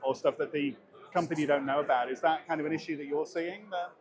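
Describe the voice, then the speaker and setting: Male interviewer, brisk and loose, with loud crowd chatter behind. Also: on the high side, steady tone. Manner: quick, loose, with many fillers. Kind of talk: casual trade-show interview. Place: busy convention floor.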